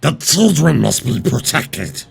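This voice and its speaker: Man doing a slow, gravelly underground creature, distrustful; quiet music bed. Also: fairly high pitch, very animated, full character voice. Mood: stern.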